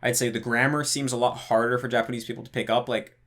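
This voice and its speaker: A native English-speaking channel host answers his patrons' questions in a casual monologue, thinking aloud, hedging, and often restarting his sentences amid plenty of fillers. His medium-pitched voice is fairly bright, with a level tone and a quick pace.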